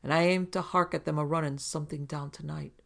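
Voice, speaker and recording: A man doing a hearty gravelly hound-dog hunter. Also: fairly high pitch, quick pace. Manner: backwoods dialect, lively and sure.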